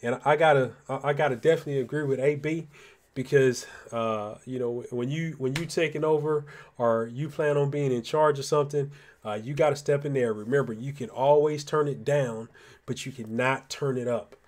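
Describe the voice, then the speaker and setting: A man's voice: mid-range voice, normal speed, darkish tone. A man co-hosting a live online talk show, giving laid-back motivational advice full of slang. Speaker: co-host. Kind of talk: casual live-stream chat.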